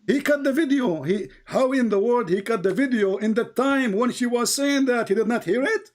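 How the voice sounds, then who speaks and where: Combative high-voiced man on a call. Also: moderate pace. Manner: combative, repeats phrases, non-native grammar. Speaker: host. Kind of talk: heated live debate call. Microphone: video call.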